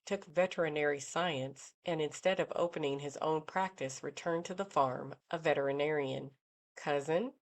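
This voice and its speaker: A woman with a low voice narrates a novel as an audiobook narrator. Her scripted storytelling is measured and even.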